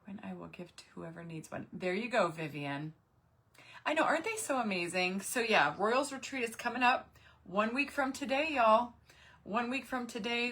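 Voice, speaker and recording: A woman's voice: a little high, a bit bright. Chatty woman hosting a craft livestream. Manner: chatty, greets viewers by name. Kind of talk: casual live craft stream chat.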